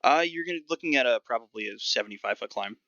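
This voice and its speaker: A man's voice: mid-range voice, expressive, very fast, pushed and bright, no room sound. A man narrating as game master of a tabletop game, describing scenes loosely with plenty of fillers. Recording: dull lo-fi dry mic.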